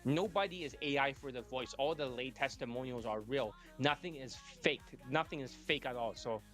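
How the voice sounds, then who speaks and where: A man's voice: medium pitch, moderate pace, fairly bright tone, soft background music. A man coaching his students live, talking bluntly and swearing often as he lectures. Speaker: dating coach.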